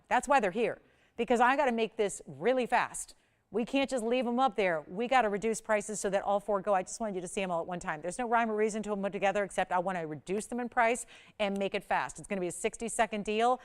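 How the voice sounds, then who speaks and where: Woman, TV shopping host, fast-talking sales patter, bursts of hype, clear resonant tone. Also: medium pitch. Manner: energetic, chatty, hypes deals with sudden loud bursts. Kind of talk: live jewelry sales pitch.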